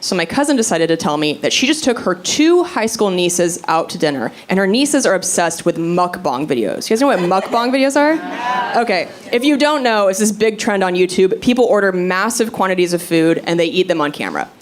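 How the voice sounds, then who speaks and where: A woman performing a brash, animated stand-up set on a club stage. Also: on the low side, fairly quick. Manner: brash, animated storytelling with quoted voices. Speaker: stand-up comedian. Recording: loud crowd and room noise. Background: crowd laughing.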